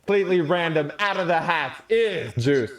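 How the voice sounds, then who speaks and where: A man's voice: a little high, animated, moderate pace, fairly bright tone. Playful young man handing out scores. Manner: playful, teasing, hands out scores. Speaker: host rating the stories. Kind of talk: casual group chat.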